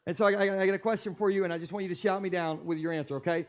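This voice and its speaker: Animated jokey pastor preaching, high voice. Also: male voice, racing. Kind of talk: sermon. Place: church stage.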